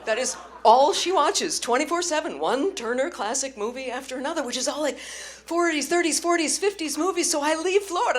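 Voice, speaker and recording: A woman stand-up comedian performing a set, telling chatty, animated stories. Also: sits high, a little fast.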